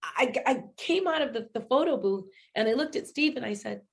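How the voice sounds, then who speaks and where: A woman's voice: fairly high pitch, brisk, gravelly. A middle-aged woman from New England, a singer telling stories in a casual interview. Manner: animated storyteller, acts out quotes. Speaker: singer and guest.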